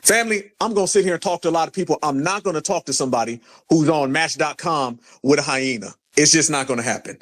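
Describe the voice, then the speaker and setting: A man hosting a heated call-in stream, mocking and insulting a caller in a loud, taunting way. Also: on the high side, quick pace, hardly any pauses. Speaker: livestream host.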